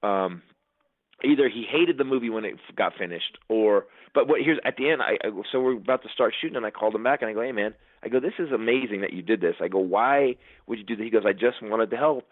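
A man's voice: on the low side, fast, dry recording, narrow, tinny audio. A man in a casual interview, telling stories and acting out the voices of the people in them. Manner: animated storyteller, acts out quotes. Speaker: guest comedian.

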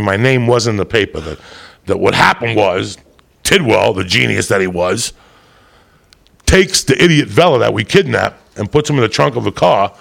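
A man's voice: lowish voice, creaky, a bit bright. A man telling a long story in casual chat, rowdy and profane, full of asides to the listener. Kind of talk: casual chat, crime anecdote.

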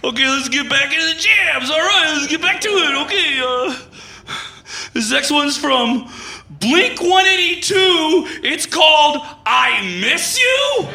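A man playing a heartbroken, frantic male rock radio DJ who shouts announcer lines while breaking into sobs. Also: very high voice, animated, unhurried, gravelly, roomy sound, noisy background, pitched above the performer's own voice, full character voice. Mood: sobbing announcer.

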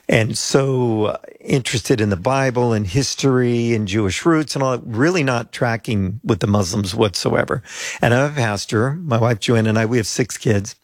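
An older man, a pastor, telling a lively personal story as an interview guest and acting out the voices of people he met. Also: mid-range voice, dry recording. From United States. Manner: chatty anecdotal storyteller, acts out quoted voices.

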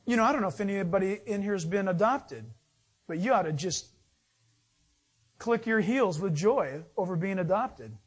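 Middle-aged male pastor, lively storyteller, high voice, sermon. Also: normal speed, husky. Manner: storytelling, animated, acts out voices in anecdotes.

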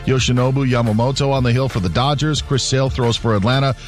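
A man reading a sports news update in a brisk newsreader manner. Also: medium pitch, fairly even intonation, soft background music.

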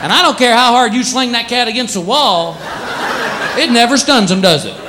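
A man doing a stand-up comedy routine in front of a live audience, animated, jumping into silly voices. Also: normal speed. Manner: animated, jumps into silly high voices for pets. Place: comedy stage before a laughing audience. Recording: live club with loud crowd laughter and noise.

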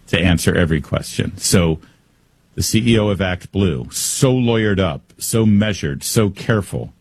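A man's voice: fairly low pitch, husky. A man hosting a talk radio show, giving emphatic, sarcastic commentary straight to his listeners. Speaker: radio host.

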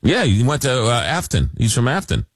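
A man hosting a late-night call-in radio show, reading listener messages aloud and talking haltingly with many fillers. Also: mid-range voice, huge pitch swings, no room sound. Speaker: radio talk show host.

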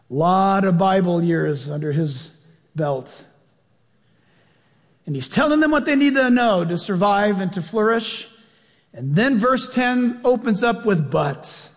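A man preaching a sermon as a pastor, in an emphatic, conversational manner with repeated phrases, in a church. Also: sits high. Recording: long reverb of a large hall.

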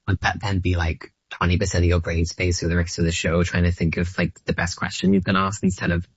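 A comedian in his late thirties who rambles in a self-deprecating way. His voice sits low, and it sounds dry and slightly dull on a close microphone. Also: little pitch movement, brisk, slightly rough, no room sound. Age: late 30s. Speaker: stand-up comedian guest. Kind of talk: casual interview chat.

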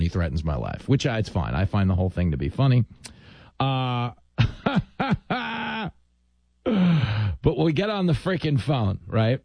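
A man hosting a radio talk show, telling stories and making self-deprecating jokes in a casual, animated way. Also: mid-range voice, a little slow, creaky, husky, dry recording. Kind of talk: casual radio chat and storytelling.

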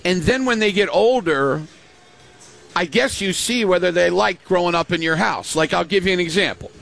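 Older man with a high gravelly voice. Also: normal speed, fairly bright tone, faint music behind. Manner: storytelling, acts out quoted voices. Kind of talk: casual chat.

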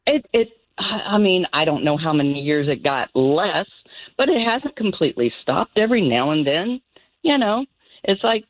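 An older woman calling in to a radio show, speaking in an easygoing, halting way. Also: on the low side, very animated, no echo. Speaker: caller. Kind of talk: phone call to radio show. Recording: tinny phone line.

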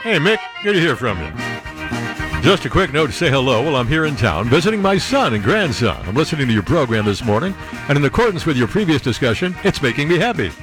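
A man's voice: fairly high pitch, big pitch swings, quick pace, over music. A man hosting a talk radio show, sarcastic and rambling, laughing at his own jokes from a studio.

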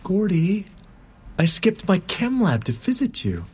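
An actor in a one-man stage play, voicing a gentle, devoted young female student. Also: high-pitched, very animated, unhurried, a little hiss or hum, pitched above the performer's own voice. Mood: tender. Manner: gentle, affectionate.

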